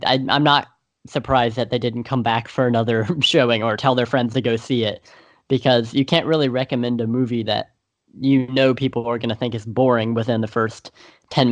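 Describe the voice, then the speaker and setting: A young man talks through a horror film on a podcast. He rambles, restarts his sentences and fills gaps with "um" and "you know" at a middle pitch. The sound is dry and close. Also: no echo, highs cut off. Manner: rambling, many fillers and restarts. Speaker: podcast co-host. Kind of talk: casual movie discussion.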